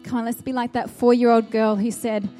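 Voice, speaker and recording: A woman's voice: on the high side, level tone, a little fast, mellow, faint music behind. A woman preaching a sermon, earnest and exhorting, with a run of searching rhetorical questions.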